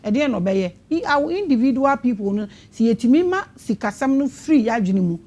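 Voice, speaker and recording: Lively Ghanaian woman hosting. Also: fairly high pitch, brisk. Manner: animated, switches between English and Twi. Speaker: show host. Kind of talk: interview in English and Twi.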